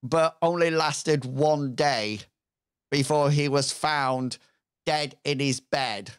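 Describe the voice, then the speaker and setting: A man runs a tabletop game at an unhurried, deliberate pace. He narrates haltingly, with plenty of ums and pauses between phrases. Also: on the high side, clean tone. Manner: hesitant, with many fillers. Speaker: game master.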